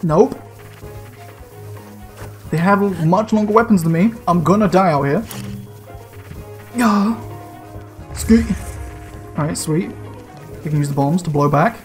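A man giving casual gameplay commentary, excitable and slangy, swearing and yelping as he plays. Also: high voice, slow pace, pauses often, faint music behind. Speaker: let's play gamer.

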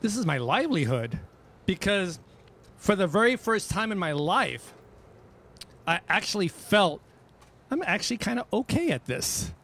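Brief: middle-aged man, high-pitched, animated casual storyteller. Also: a little slow, pauses often. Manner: animated storyteller, repeats himself. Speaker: DJ guest. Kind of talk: casual chat.

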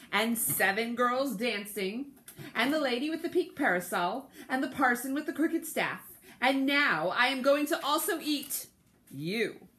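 A woman voicing a greedy, boastful fat male cat in a storybook reading, listing loudly everything he has eaten. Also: fairly high pitch, voice pushed up, exaggerated voice.

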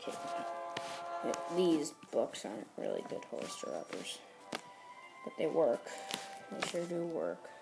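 A woman's voice: low-pitched, huge pitch swings, a little slow, creaky, music in the background. A woman giving casual game commentary as the host of a gameplay tutorial, explaining each step while she rambles and corrects herself.

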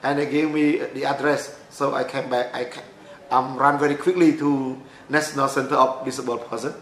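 A middle-aged Cambodian man tells his own story in halting English, restarting his sentences as he searches for words. He has a Cambodian accent and an ordinary, mid-range voice. The recording is echoey, with faint background noise. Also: medium pitch, little pitch movement, a bit bright. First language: Khmer. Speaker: speaker telling his life story. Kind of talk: personal storytelling talk.

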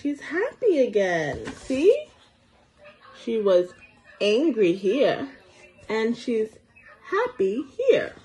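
A young woman teacher reading a storybook aloud to small children, slow and encouraging, asking them questions as she goes. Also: a little high, huge pitch swings, dark tone, rough recording. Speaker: preschool teacher.

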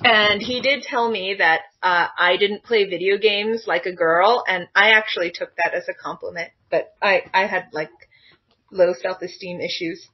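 A woman co-hosting a podcast in casual chat. She reacts quickly and swears freely. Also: mid-range voice, fairly even intonation, slightly rough, dull audio. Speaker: podcast co-host.

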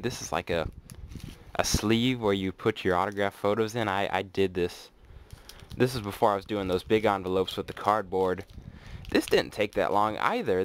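A man casually unboxing mail on his vlog, chatty and excitable, thinking aloud as he goes. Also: lowish voice, a little hiss or hum. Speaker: autograph collector vlogger.

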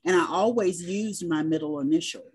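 A middle-aged woman with a Southern US accent, a business coach chatting as an interview guest and telling stories in a relaxed way. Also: fairly low pitch, normal speed. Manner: chatty storyteller, spells things out. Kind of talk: casual interview chat.

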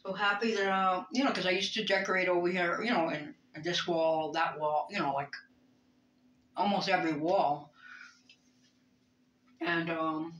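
A woman's voice: lowish voice, fairly even intonation, normal speed, pauses often, fairly bright tone. A woman, rambling in a personal vlog, hesitant and reflective, with many fillers and restarts. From Brooklyn, New York. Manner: emotional, reflective. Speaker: vlogger. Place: bedroom. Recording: roomy bedroom echo.

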